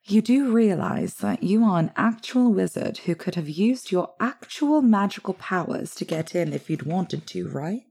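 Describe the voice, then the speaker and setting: A woman's voice: fairly low pitch, big pitch swings, moderate pace, vocal fry, few pauses, dark tone, husky, exaggerated voice. A woman voicing a cocky, good-humored young man who talks in a dry, teasing way.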